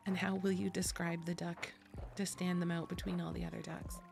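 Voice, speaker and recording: An American woman streaming, chatting casually with viewers, giggly and chatty and loudly excitable. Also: lowish voice, fairly quick, gravelly, music in the background.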